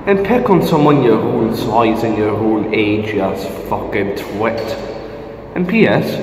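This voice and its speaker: A man's voice: on the low side, lively intonation, unhurried. Ranting man, distant windy outdoor recording. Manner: ranting, heavily profane, insulting. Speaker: amateur diss-track rapper. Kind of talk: angry spoken diss track. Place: outdoors in the wind. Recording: distant, echoey outdoor recording with wind noise.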